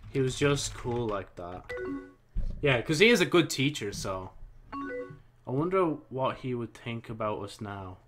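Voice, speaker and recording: Over music, a young man hosts a let's play for his gaming channel, reading chat aloud and commenting while he types. He's casual and mumbly, swears freely, and speaks unhurriedly in an expressive mid-range voice.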